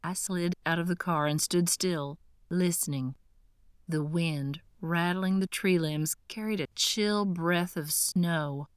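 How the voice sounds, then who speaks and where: A woman reading a first-person audiobook in a measured, tense, earnest way, close to the mic. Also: on the low side, clear, resonant tone, no room sound. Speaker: audiobook narrator.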